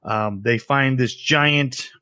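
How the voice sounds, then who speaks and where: A man at an ordinary middle pitch, recorded dry and close with no room sound. He rambles casually through an anime recap for his podcast co-hosts, breaking into chuckles as he retells the scenes. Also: slow pace, pushed and bright, smooth, dry recording. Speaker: podcast co-host.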